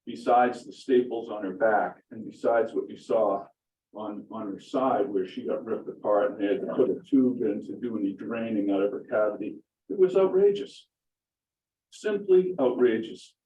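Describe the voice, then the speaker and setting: In lo-fi, roomy meeting-room audio picked up from a distance, a middle-aged man delivers public comment to a town board. His voice is lowish and mellow, and he presses his case with indignation, hammering the same points again for emphasis.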